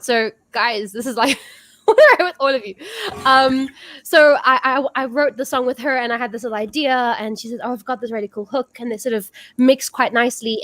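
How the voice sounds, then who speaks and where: A woman's voice: on the high side, a bit bright, dry recording. A woman hosting a casual online music show, gushing and restarting her sentences as she chats. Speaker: host. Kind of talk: casual chat and live singing.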